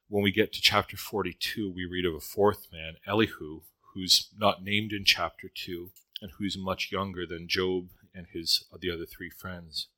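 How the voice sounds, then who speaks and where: Male preacher, low and bright-edged, dry close recording, easygoing sermon teaching. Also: no room sound, low-quality recording. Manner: conversational Bible teaching with personal stories.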